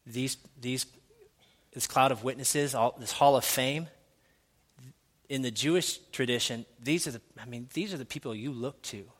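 A pastor preaching a sermon in a church, swinging from hushed, intimate lines to loud, excited shouting. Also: male voice, medium pitch, moderate pace, big-room sound. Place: church sanctuary.

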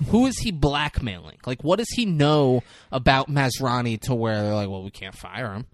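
A man's voice: mid-range voice, moderate pace, no room sound. Guy ranting through a movie recap, swearing, doing little voices, dry close mic. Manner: animated storytelling, acts out characters' lines, swears a lot. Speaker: podcast co-host recapping a film. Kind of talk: casual profane chat.

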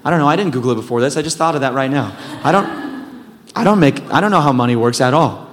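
A man preaching a sermon in a relaxed, conversational way. He wanders into self-deprecating asides and talks in a mid-range voice. The sound carries a long reverb from a church hall. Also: mid-range voice, quick pace, a little hiss or hum. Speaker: pastor.

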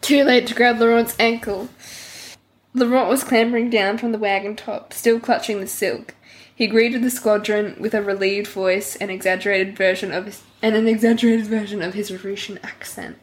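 A woman's voice: mid-range voice, fairly even intonation, normal speed. A woman hosting a casual book discussion who laughs often and reads passages aloud. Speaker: podcast host.

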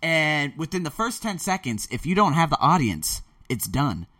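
A man talking in a casual, rambling monologue, excitable and often losing his thread before starting over. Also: on the high side, normal speed. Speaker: podcast host preparing a talk.

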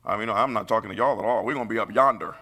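A middle-aged man preaching a sermon, emphatic and rising into high bursts. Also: racing, pushed and bright.

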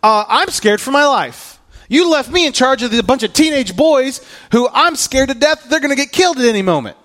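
A man playing a panicked, heartbroken male disciple who shouts at his teacher in despair. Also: extremely high pitch, sing-song, fairly quick, voice pushed up, full character voice. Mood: distraught. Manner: frantic, shouting, sarcastic.

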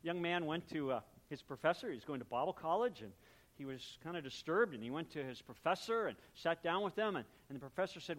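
High-voiced man preaching a conversational sermon. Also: lively intonation, fairly quick. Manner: conversational, explains word meanings, acts out little exchanges. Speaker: pastor.

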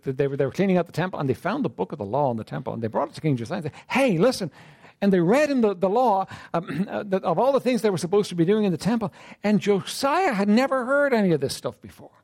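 A man preaching a sermon in a conversational style, asking his listeners "right?" again and again and often clearing his throat. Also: high-pitched, a little mellow. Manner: conversational preaching with frequent "right?" and "you know what?". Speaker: pastor.

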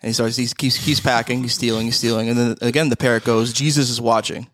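A man's voice: mid-range voice, little pitch movement, quick pace, a bit bright. A young man in casual podcast chat, telling a joke and acting out the characters' lines. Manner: acts out dialogue, stumbles over the punchline.

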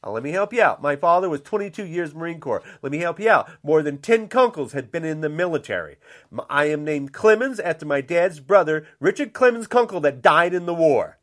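A man's voice: a little high, expressive, brisk. An older man delivering an angry, blunt rant, repeating himself and saying how upset he is. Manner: indignant, repetitive, blunt.

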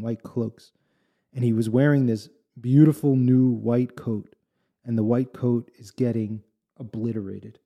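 A man's voice: medium pitch, warm tone. A man telling a folk tale in a casual, rambling way with asides and restarts. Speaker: storyteller. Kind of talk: casual spoken storytelling.

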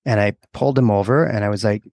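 A man's voice: fairly low pitch, quick pace, a little mellow, no echo. A man who works as a PE teacher and coach, telling a story in a casual, earnest way with frequent restarts.

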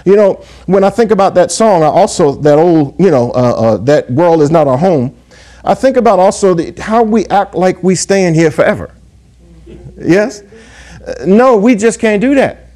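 A man preaching a sermon, his voice pitched a little higher than most men's yet dark and warm in tone. He reads scripture aloud in old-fashioned wording and keeps asking the congregation "yes?" and "amen?". He slows right down to lean on key words. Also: expressive. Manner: call-and-response asides, frequent "yes?" and "amen?". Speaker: pastor.

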